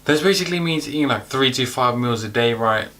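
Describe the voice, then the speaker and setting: Breathless, bright-voiced young fitness guy. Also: medium pitch, a little fast. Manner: energetic, chatty, slangy. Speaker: fitness youtuber. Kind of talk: casual fitness advice to camera.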